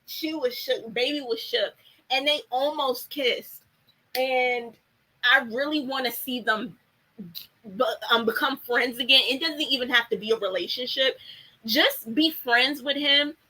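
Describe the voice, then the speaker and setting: A woman's voice: sits high, measured pace, sharp tone, rough recording. A young woman chatting casually about a TV show, blunt and full of fillers and swearing. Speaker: TV show commentator. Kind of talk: casual chat.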